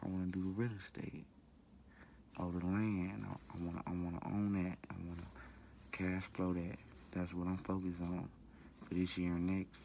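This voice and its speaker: Speaking casually to his viewers, a deep-voiced vlogger rambles repetitively in slang, swearing occasionally, with a low, rough, gravelly sound. His delivery is mellow, moderately paced, and shows little pitch movement, while faint noise sits underneath.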